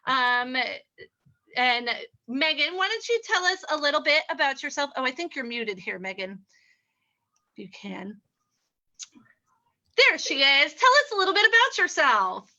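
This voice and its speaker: A woman's voice: high-pitched, big pitch swings, measured pace, pauses often, pushed and bright. A woman hosting an improv game over a video call, chatty and giggly.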